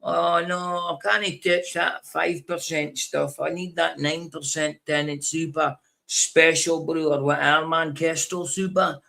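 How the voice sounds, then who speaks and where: Man doing a high, slow, slurring drunk Glaswegian dosser. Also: steady tone, gravelly, sharp tone, heavily acted. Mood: boozy.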